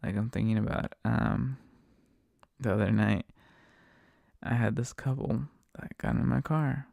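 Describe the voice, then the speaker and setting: A man's voice: medium pitch, steady tone, a little slow, creaky, a little mellow, dry recording, clean studio sound. A man, a rideshare driver, casually telling a story, rambling, swearing freely and laughing often. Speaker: rideshare driver and podcast host.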